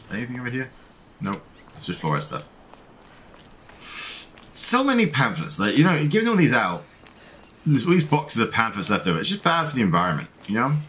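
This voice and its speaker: A man's voice: mid-range voice, bright, forceful tone. A man hosting a let's play, casually commenting on the game and joking while reading choices aloud. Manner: chatty, jokey, reads in-game choices aloud.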